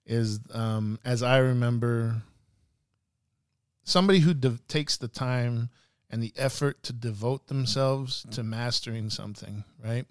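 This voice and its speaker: A man's voice: mid-range voice, measured pace, no echo, studio quality. A man, a podcast guest, musing and retelling a martial arts story in a loose, profane way. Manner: rambling, many fillers and restarts, casual profanity. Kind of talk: casual podcast talk and storytelling.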